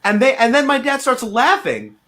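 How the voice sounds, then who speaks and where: A man co-hosting a podcast, telling a story in casual, animated style and swearing freely. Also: extremely high pitch, normal speed. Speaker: podcast co-host.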